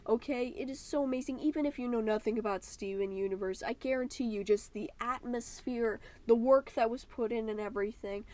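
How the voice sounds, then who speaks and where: On her art channel, a YouTube host with a fairly high, darkish voice rambles through a casual, enthusiastic voice-over full of ums. Every so often she drops into a playful put-on accent.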